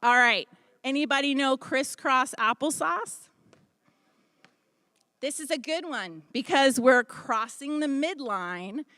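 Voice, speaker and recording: A woman's voice: high voice, takes it slowly, pauses often, pushed and bright, no echo. Upbeat woman coaching a group workout. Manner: upbeat, coaching and counting out moves. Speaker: boxing fitness instructor. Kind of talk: leading a group exercise class. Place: expo hall stage, behind a podium. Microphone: handheld microphone.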